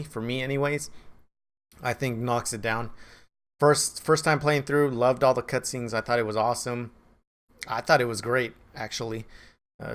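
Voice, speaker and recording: A man's voice: medium pitch, a bit bright, clean tone. A man giving a casual, rambling game review in a vlog, offhand and self-deprecating. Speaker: gaming video creator.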